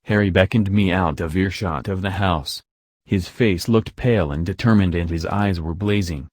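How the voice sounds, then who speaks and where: A man reading a novel aloud as an audiobook narrator, measured and even, on a close mic. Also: sits low, dry recording. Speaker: audiobook reader.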